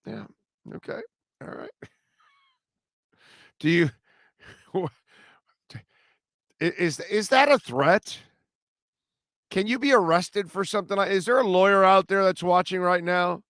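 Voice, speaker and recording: A sports radio host talks casually and animatedly on his show, laughing, rambling and often restarting sentences. His voice is high-pitched and slow with long pauses, recorded clean in a studio with no room sound.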